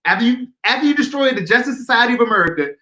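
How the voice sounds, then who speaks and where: A man co-hosting a casual comic book podcast, talking in an animated, incredulous way and laughing often. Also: very high-pitched, very fast, echoey room. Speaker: podcast co-host.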